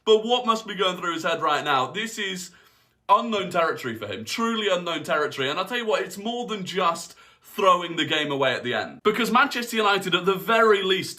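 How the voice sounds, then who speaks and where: A man's voice: sits high, bright, forceful tone. A man giving an incredulous, critical football match reaction.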